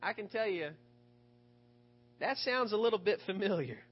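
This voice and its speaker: A male preacher giving a sermon, retelling scripture with rhetorical questions and expressive storytelling. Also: high voice, moderate pace, long pauses, breathy edge. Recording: dull lo-fi recording.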